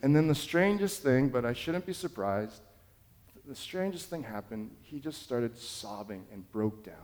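A man's voice: mid-range voice, expressive, a little slow, darkish tone, in a large hall. A man preaching a sermon as pastor, telling a story in an earnest, conversational way.

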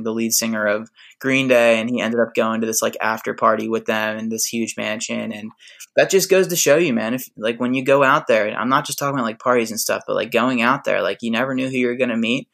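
A man's voice: medium pitch, fairly even intonation, fairly quick, vocal fry, a bit bright. A man on a podcast as a guest, chatting casually in a laid-back, joking way.

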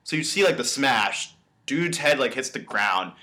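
This young man's mid-range voice moves at a measured pace as he co-hosts a podcast. The talk is casual, and he animates his stories by acting out the quoted lines from the scenes.

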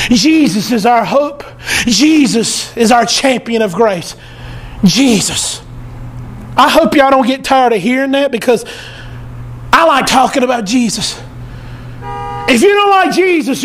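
Very high-voiced, impassioned male preacher. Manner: impassioned, swelling into shouts, colloquial. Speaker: pastor. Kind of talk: sermon. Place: church service.

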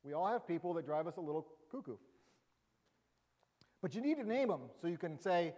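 A man's voice: on the high side, fast talker, darkish tone, long reverb tail. A man pastor preaching a sermon in a conversational, humorous way with emphatic rising bursts.

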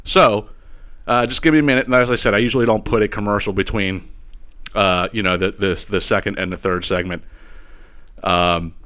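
A man hosting a solo podcast, ranting in a profane, animated way with laughing asides and repeated "you know what I mean". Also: on the low side, normal speed. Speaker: podcast host.

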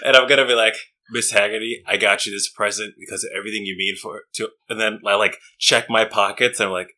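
A man's voice: on the low side, fairly even intonation, fast, pushed and bright. A man playing in a tabletop game, playful and laughing as he acts out what his character says. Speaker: player. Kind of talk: tabletop role-play chat.

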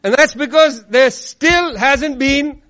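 High-pitched male speaker, sarcastic and punchy, addressing a live crowd; muffled lo-fi sound. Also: slow pace, a bit bright. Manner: sarcastic, emphatic, repeats lines for effect. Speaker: speaker at an activist event. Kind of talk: political speech to a live audience. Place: room with an audience. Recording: dull lo-fi recording.

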